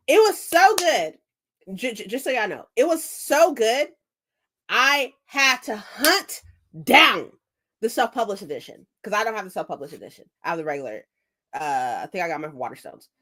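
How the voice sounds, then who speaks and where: A woman, chatting casually on a live stream, rambling excitedly and swearing freely. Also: medium pitch. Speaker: book streamer.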